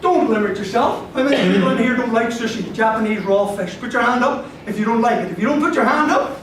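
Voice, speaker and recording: A man giving a lively motivational sports psychology talk to a live audience, laughing often, acting out quoted voices and checking in with "right?". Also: extremely high pitch, quick pace, a little hiss or hum. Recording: echoey hall, miked from far off.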